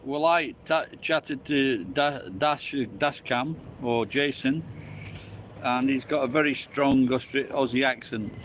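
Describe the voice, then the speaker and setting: A man's voice: mid-range voice, slow, a bit bright, slight background noise. Sweary Yorkshire man rambling casually. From Sheffield, England. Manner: rambling and sweary, laughs often. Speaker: vlogger chatting with live viewers. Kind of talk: casual chat. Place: outdoors on a street.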